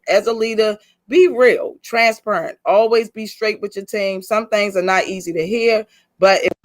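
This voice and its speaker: A woman's voice: lowish voice, a bit bright. A woman hosting a casual leadership session over a video call, chatty and candid, speaking straight to the group. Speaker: host leading a leadership session.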